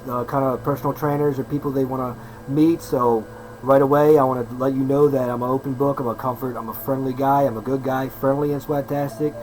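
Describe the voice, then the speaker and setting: A hyper, upbeat man in his thirties chats casually, rambling and looping back on his words with plenty of slang. His voice sits at an ordinary middle pitch. A faint hiss of noise runs under the recording. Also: darkish tone, poor audio. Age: 30s. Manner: hyper, fast-talking, repeats himself, upbeat slang. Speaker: personal trainer vlogger. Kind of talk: casual rambling vlog talk.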